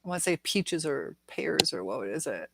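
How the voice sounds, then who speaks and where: A woman's voice: sits low, very animated, moderate pace, vocal fry, background noise. A woman hosting a casual live stream, reading viewer comments aloud in a rambling, chatty way and laughing often. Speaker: livestream host reading viewer chat.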